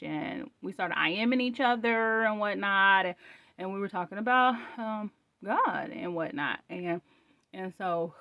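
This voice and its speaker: A woman hosting her own channel, sharing a spoken faith testimony in a rambling, animated way with many restarts. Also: mid-range voice, dry recording.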